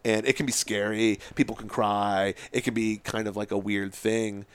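A man with a somewhat low voice tells a story in a lively, chatty way and slips into other people's voices as he goes. The recording is close and very dry, with no room sound. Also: normal speed, clear, resonant tone, no echo. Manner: animated, acts out other people's lines. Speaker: podcast guest, hypnotist. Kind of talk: casual storytelling.

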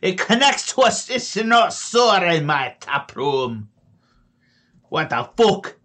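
A man voicing a hostile, foul-mouthed male halfling tavern keeper who shouts and threatens. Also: sits high, sing-song, takes it slowly, voice pushed up, full character voice. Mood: angry.

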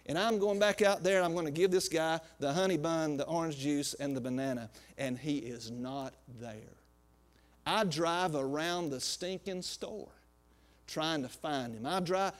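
Male pastor, high-pitched, folksy storytelling sermon. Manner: folksy and animated, acts out quotes.

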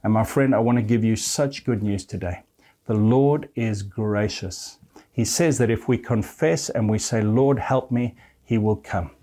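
A man's voice: lowish voice, normal speed, mellow. A man preaching a sermon, reading scripture verses aloud and earnestly addressing his listeners as friend.

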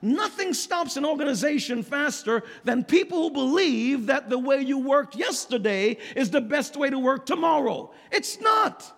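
A man preaching a sermon as pastor, lively and emphatic, laughing often as he talks. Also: extremely high pitch, moderate pace, vocal fry, few pauses. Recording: long hall reverb.

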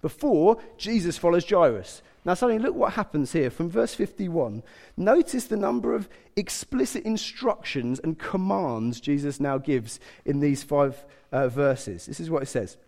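Male preacher, middle-aged, slightly high voice, sermon with long hall reverb. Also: normal speed, creaky. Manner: animated, conversational, acts out quotes with humour.

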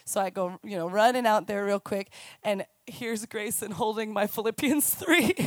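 A woman in her thirties, a youth minister, giving a chatty, animated sermon. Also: mid-range voice, no echo. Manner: chatty, animated storytelling with quick asides. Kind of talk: conversational sermon. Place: church stage.

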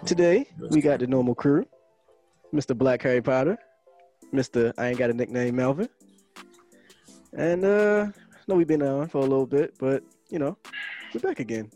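A man's voice: medium pitch, normal speed, pauses often, dark tone, faint music behind. A man hosting a podcast, opening the show and bantering casually with his co-hosts. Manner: joking, laid-back banter. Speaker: podcast host. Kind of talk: casual chat.

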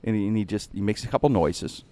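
Animated man telling a radio story. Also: fast talker. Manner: animated, jumping up in pitch for punchlines. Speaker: radio host and impressionist. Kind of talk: casual storytelling.

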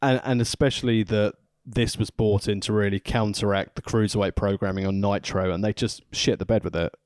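A man's voice: fairly low pitch, steady tone, a little mellow, no room sound, clean studio sound. A man co-hosting a podcast from home, chatting wryly and laughing easily. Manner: chatty, wry, quick to laugh. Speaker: podcast co-host. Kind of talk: casual chat recapping a wrestling show. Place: home, near the kitchen.

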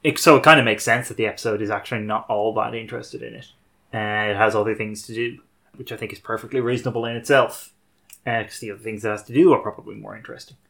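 A man's voice: fairly low pitch, steady tone, fast, creaky, fairly bright tone. A man hosting a podcast, chatting casually about a TV episode in a thoughtful, wry way that often corrects itself mid-sentence. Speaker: podcast host. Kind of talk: casual review chat.

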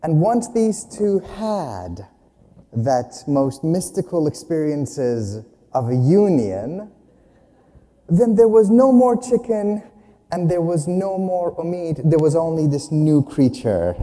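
A man giving a spiritual talk, telling stories in a humorous, expressive way to a gathering in a hall. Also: fairly high pitch. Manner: humorous, unhurried, expressive storytelling. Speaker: speaker. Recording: long hall reverb.

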